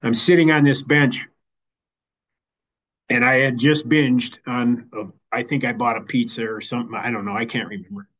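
A man giving a personal recovery share as the keynote speaker, halting and repeating words as he goes. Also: medium pitch, steady tone, a bit bright, muffled recording. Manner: halting, repeats words while finding them. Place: online meeting.

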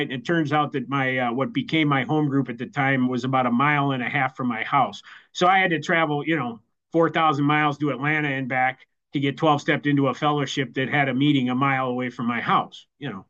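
A man giving a personal recovery share as the keynote speaker, halting and repeating words as he goes. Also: on the high side, a bit bright, lo-fi sound. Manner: halting, repeats words while finding them. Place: online meeting.

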